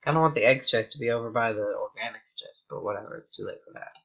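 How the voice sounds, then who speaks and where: An American man chatting through a game in loose, rambling tangents. His voice is bright and forward, with a mid-range pitch, and the home mic sounds slightly dull. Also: a little fast, creaky, few pauses. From United States. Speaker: gaming YouTuber. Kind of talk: casual gameplay commentary.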